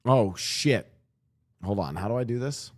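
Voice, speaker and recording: A young man rambles through a casual reaction stream, swearing freely and restarting his sentences. His pitch swings widely as he talks. He is close on a streaming mic in a home room. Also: lively intonation, unhurried. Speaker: streamer and podcast host.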